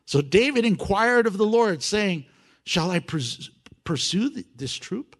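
A man preaching a sermon, animated, swinging from loud emphasis to hushed, intimate asides and acting out prayers with humor. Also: high voice, unhurried. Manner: acts out prayers and voices with humor. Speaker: pastor.

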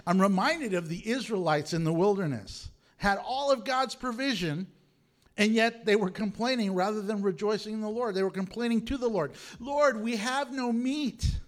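High-voiced animated male preacher. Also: normal speed. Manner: animated, humorous preaching with acted quotes. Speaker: pastor. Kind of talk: sermon.

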